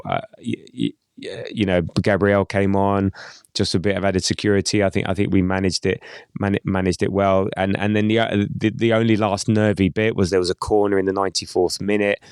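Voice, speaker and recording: A man co-hosting a casual football podcast, talking in a halting way with many restarts and repeated words. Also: fairly low pitch, vocal fry, smooth, dry recording, clean studio sound. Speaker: podcast co-host.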